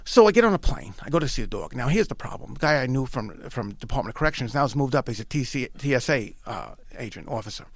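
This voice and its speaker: A man's voice: medium pitch, big pitch swings, fast talker, hardly any pauses, no echo. A middle-aged man from New York with a New York accent, telling a story as a podcast guest, emphatic and repeating himself, quoting dialogue. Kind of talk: animated storytelling.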